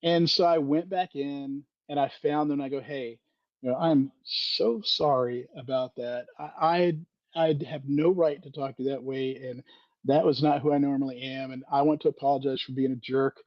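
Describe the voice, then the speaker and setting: A man telling a story in a self-deprecating way on a podcast, lively and candid. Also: mid-range voice, normal speed, no echo, lo-fi sound. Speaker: podcast guest, Freemason author. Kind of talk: casual storytelling conversation.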